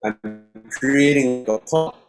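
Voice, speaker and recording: Calm man guiding a breathing class. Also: mid-range voice, slow, over music. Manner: calm, instructive, gives step-by-step cues. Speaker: yoga instructor.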